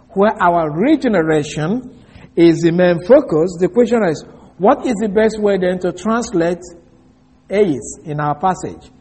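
A pastor preaching an expository sermon, slowing down and stressing key words as he explains a verse. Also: sits high, darkish tone, breathy edge. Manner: slow, deliberate emphasis on key words.

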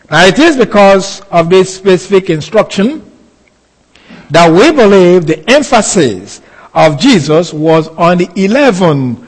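A man delivers a Bible teaching at an unhurried, deliberate pace, his voice sitting a little high for a man. He leans on key phrases by saying them twice. His words ring out with a long reverb from the hall. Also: sing-song, breathy edge. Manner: slow, deliberate, repeating key phrases for emphasis. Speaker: preacher. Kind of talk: expository sermon.

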